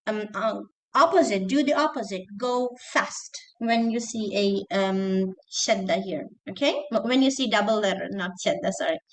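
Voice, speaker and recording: A woman teacher giving an online lesson, repeating words slowly to drill pronunciation and mixing in Arabic terms. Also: mid-range voice. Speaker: teacher trainer.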